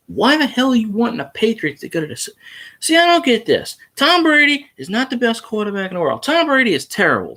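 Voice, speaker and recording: A man's voice: high voice, a bit bright. A man hosting a casual livestream about his team, arguing heatedly with viewer comments and swearing freely. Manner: heated, profane, argumentative. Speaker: sports fan livestream host. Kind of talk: casual live chat reacting to viewer comments.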